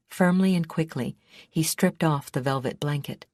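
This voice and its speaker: A woman reading a fantasy audiobook in a measured, steady storytelling manner. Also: deep voice, no room sound, clean studio sound. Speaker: audiobook narrator. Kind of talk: scripted narration.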